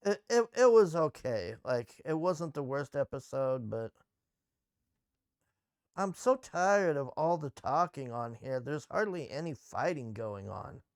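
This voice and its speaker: A man's voice: medium pitch, sing-song, measured pace, smooth, no room sound, studio quality. A man casually recapping and reviewing a TV episode, blunt and sarcastic, swearing freely.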